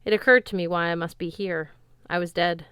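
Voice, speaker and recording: A woman giving a steady, wry first-person audiobook narration in a studio. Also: fairly low pitch, a little fast, clean tone, dry recording.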